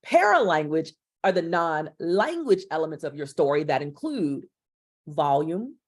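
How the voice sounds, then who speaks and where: A woman in midlife lectures on public speaking with expressive control. She drops low and slow, then lifts into a brighter, quicker delivery to show the contrast. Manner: dynamic, shifts volume and pace to demonstrate. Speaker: speaker trainer.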